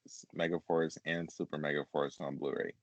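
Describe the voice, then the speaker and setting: A man's voice: a bass voice, level tone, fairly quick. A man co-hosting a casual group chat, rambling, swearing and laughing often. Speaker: podcast co-host.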